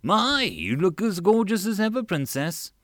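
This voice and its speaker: A man's voice: high voice, big pitch swings, a little slow, no room sound, clean studio sound, pitched above the performer's own voice. A man voicing a flirtatious, pompous male fleet master who speaks in flowery, eager compliments. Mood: charming.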